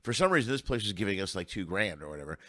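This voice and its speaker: A man's voice: low voice, sing-song, racing, a bit bright, dry recording. A middle-aged man who works as a comedian, telling rambling road stories in casual chat and swearing freely. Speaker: comedian guest.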